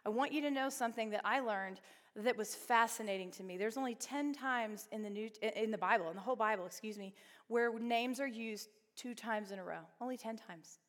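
A woman's voice: on the high side, brisk. A woman leading a Bible study group, talking conversationally and often asking her listeners questions. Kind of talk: women's Bible study teaching. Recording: reverberant hall.

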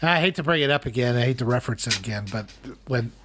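A middle-aged man co-hosts a relaxed podcast conversation at an ordinary mid pitch. He rambles through his stories, restarting his sentences and wandering off into asides. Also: quick pace, background noise. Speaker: co-host. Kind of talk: casual podcast chat.

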